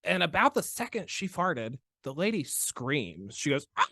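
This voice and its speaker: A man hosting a podcast as a chiropractor, telling a story in a playful, animated way and laughing often. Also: fairly high pitch, unhurried, no room sound, studio quality. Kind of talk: casual podcast chat and storytelling.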